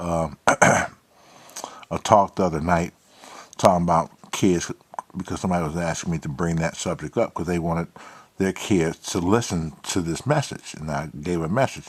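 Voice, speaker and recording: A man's voice: low voice, husky. A man hosting his own talk show, giving a blunt, profane, preachy monologue. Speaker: podcast host. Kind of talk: casual monologue.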